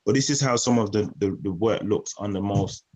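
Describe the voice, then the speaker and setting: A man's voice: lowish voice, a little fast, a little mellow, breathy edge, low-quality recording. A man giving a community presentation about a youth project. He speaks earnestly and often repeats words while he searches for his phrasing.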